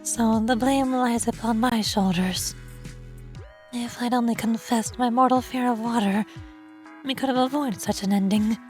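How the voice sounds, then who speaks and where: A woman's voice: on the high side, measured pace, darkish tone, faint music behind, natural voice. A woman voicing a proud, formal girl officer who is afraid of water, speaking stiffly and remorsefully. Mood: solemn.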